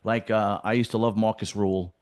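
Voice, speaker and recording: A man's voice: fairly low pitch, little pitch movement, fairly quick, darkish tone, dry recording, clean studio sound. A man with a New York accent hosting a casual podcast chat, blunt and swearing freely, often restarting and repeating words. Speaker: podcast host.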